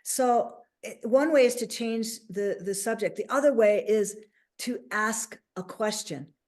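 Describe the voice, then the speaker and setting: Woman host and life coach, casual interview, animated delivery, pitched a bit high. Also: measured pace. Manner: animated, acts out little quoted voices.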